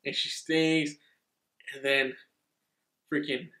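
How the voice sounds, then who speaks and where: A man reviewing a horror movie in a rambling, excitable way, swearing freely. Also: fairly high pitch, slow, echoey room.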